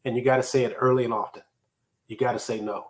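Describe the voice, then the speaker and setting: A man's voice: medium pitch, flat delivery, quick pace. Emphatic man giving a motivational talk. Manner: conversational, emphatic, repeats key phrases for effect. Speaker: podcast host teaching time management. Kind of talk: solo motivational teaching talk.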